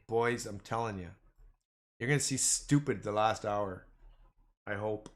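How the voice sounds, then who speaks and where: A man chatting casually through a trading livestream, rambling and excitable, calling his viewers "boys" and "man". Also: mid-range voice, takes it slowly, pauses often. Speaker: stock trading streamer. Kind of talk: casual livestream chat over charts.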